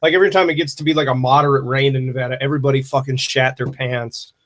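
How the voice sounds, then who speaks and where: A man hosts a loose livestream Q&A, with a wry, rambling delivery full of swearing. His voice sits at an ordinary middle pitch. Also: steady tone, fast, a bit bright. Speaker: livestream host answering viewer questions. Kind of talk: casual livestream chat.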